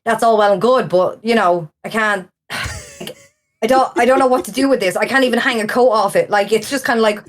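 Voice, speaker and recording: A woman, co-hosting a casual podcast chat, animated and ranting, swearing freely. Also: a little high, brisk. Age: 40s. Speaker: podcast co-host.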